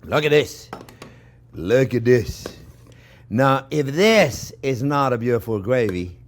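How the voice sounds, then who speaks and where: Chatty French-accented chef, lively pitch. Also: male voice, takes it slowly. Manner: chatty, repetitive, talks to viewers as friends. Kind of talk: cooking demonstration. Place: kitchen.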